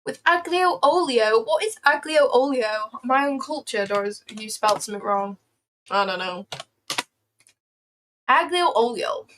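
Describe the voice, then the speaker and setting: A young woman, her voice sitting a touch high for a woman. She talks in loose, playful, rambling bursts as she answers her livestream chat. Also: normal speed, a bit bright, a little hiss or hum, low-quality recording. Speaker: trading livestreamer.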